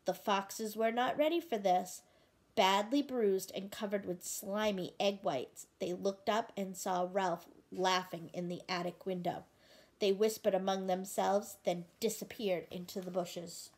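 A woman reading a picture book aloud, gently pausing to ask the listener questions about the story. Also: mid-range voice, steady tone. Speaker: storybook reader.

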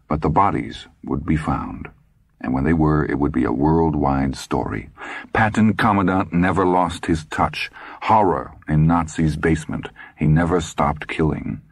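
Low, husky male audiobook narrator. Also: normal speed, no echo, clean studio sound. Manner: dramatic, expressive storytelling.

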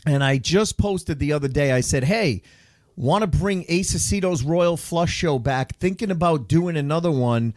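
Podcast host, comedian, man with a slightly high voice, swears freely, dry close mic. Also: animated, normal speed, darkish tone, no room sound. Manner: blunt and profane, joking. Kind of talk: casual podcast chat.

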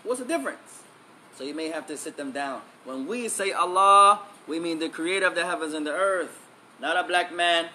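A man's voice: fairly high pitch, a little fast, sharp tone, a little hiss or hum. A man giving an emphatic religious lesson, repeating key phrases and switching between English and Arabic. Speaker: Islamic teacher.

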